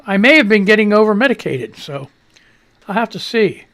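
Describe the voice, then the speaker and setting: A man hosting a live radio show in casual, rambling chat, loud greetings and freely swearing, audibly short of breath. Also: high voice, very animated, normal speed.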